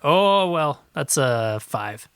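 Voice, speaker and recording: A man's voice: a little high, very animated, slow pace, background noise. A man playing a tabletop game, laid-back and joking with his group. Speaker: player. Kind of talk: casual game chat.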